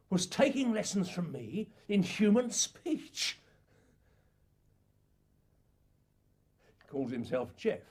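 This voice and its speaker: An actor playing an elderly father in a lonely farmhouse, a shrewd and wry man telling his story slowly in a husky voice. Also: high-pitched, a little mellow, heavily acted. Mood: excited wonder. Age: older. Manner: slow storytelling with playful sound imitations. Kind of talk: acted monologue recollection.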